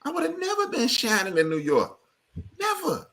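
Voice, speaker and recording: A man's voice: very high voice, huge pitch swings, moderate pace, gravelly, crowd noise. A man who is a podcast guest in casual chat, talking in an emphatic, argumentative, slangy way.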